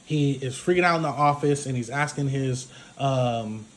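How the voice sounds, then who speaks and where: In a medium-pitched voice at a moderate pace, a male reviewer walks through a film in a casual, meandering recap. His retelling is thick with fillers, and "like" turns up again and again.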